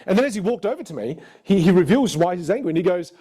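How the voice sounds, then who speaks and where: Animated man coaching communication live. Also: quick pace, hardly any pauses, slightly rough. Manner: animated, acts out quoted voices with big pitch jumps. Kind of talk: live online workshop teaching.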